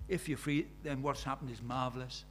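A man's voice: medium pitch, a little fast, a bit bright, a little hiss or hum. An older man, preaching a sermon in a conversational way, full of rhetorical questions.

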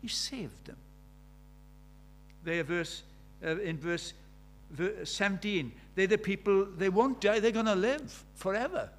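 A man's voice: high voice, measured pace. An older man, preaching a sermon in a conversational way, full of rhetorical questions.

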